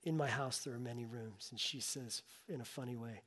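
A man's voice: mid-range voice, fairly quick, fairly bright tone, husky. A middle-aged male pastor preaching a sermon, telling a personal story with rising and falling emotional intensity. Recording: long reverb of a large hall.

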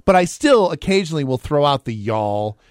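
A man's voice: on the high side, very animated, brisk, no echo, clean studio sound. A man from Iowa co-hosting a radio show, easygoing and self-deprecating in casual banter. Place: radio studio. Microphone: studio mic.

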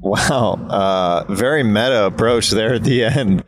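A man's voice: lowish voice, unhurried, slight background noise. A man hosting a casual comedy podcast, joking around and laughing often. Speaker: podcast host.

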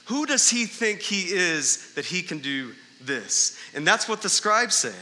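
A man's voice: high-pitched, sing-song, unhurried, pushed and bright, in a large hall. A male pastor preaching a sermon in a church, talking conversationally and tossing in rhetorical questions and "right?" asides. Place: church sanctuary during a service.

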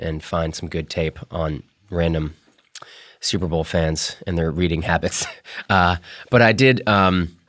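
A podcast host with a very low voice talks in a loose, rambling monologue, full of ums and restarts. His throat sounds a little rough from a cold. The recording is dry and close, with no room sound. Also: no echo. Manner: chatty, rambling with many fillers and restarts. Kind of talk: casual monologue.

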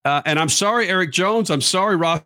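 A man hosting a motorsports radio show, talking energetically and reading promos quickly. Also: high-pitched, no echo. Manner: energetic, fast promo reads.

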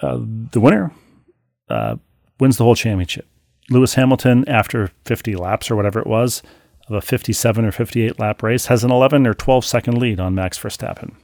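A man co-hosting a podcast, reading listener mail aloud and then telling a story in a wry, animated way, with frequent restarts, on a close studio mic. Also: medium pitch, fairly quick, creaky, no echo. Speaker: podcast co-host.

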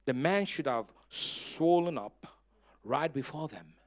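A male pastor with a high voice preaches with dramatic force, breaking into loud emphatic bursts. His pitch swings widely as he tells stories with a touch of humor and urges the congregation to answer back. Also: expressive, slow pace. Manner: storytelling with humor. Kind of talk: sermon.

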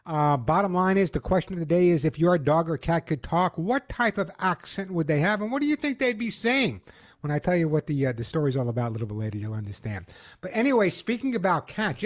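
Middle-aged guy hosting a pet call-in show on the radio, chatty, jokey, kinda high voice.

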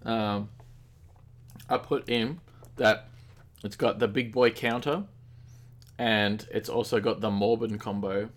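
A man with an Australian accent co-hosting a podcast, talking games in a relaxed, rambling way while eating dinner. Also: lowish voice, takes it slowly, pauses often. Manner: relaxed, rambling, many fillers. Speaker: podcast co-host. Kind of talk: casual gaming chat.

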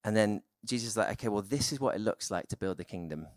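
A man preaching a sermon in a relaxed, conversational way, with many fillers and restarts. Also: on the low side, fast, no echo, studio quality.

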